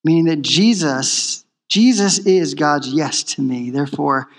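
High-voiced man preaching a sermon. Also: measured pace, long reverb tail. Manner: emphatic, repeats key phrases. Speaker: pastor.

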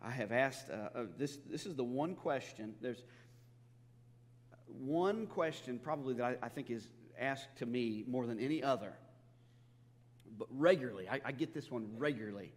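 Earnest preacher in a reverberant hall. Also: male voice, mid-range voice, lively intonation, moderate pace. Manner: earnest, conversational preaching with repeated restarts and acted-out quotes. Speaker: pastor. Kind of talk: sermon.

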